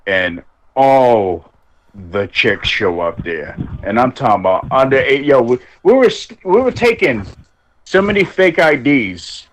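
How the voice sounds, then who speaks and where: A male podcast co-host tells rambling anecdotes in casual chat, swearing heavily and acting out what people said. His mid-range voice is very animated but unhurried, and the audio is poor.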